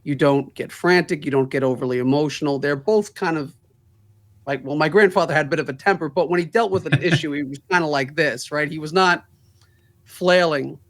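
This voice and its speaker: A man's voice: on the high side, fairly quick. A man, a law firm's managing partner, telling stories in a casual interview, laughing through the funny parts.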